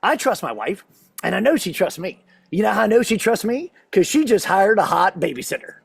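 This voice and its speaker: A man's voice: sits high, very animated, fairly quick, creaky. A man doing a stand-up comedy set on stage, chatty and self-deprecating as he works the crowd.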